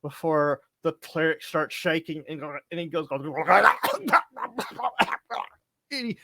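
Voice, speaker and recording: A man's voice: a little high, fairly even intonation, normal speed, a bit bright, no room sound. A man narrating as game master of a tabletop game, stumbling and restarting as he laughs through the scene.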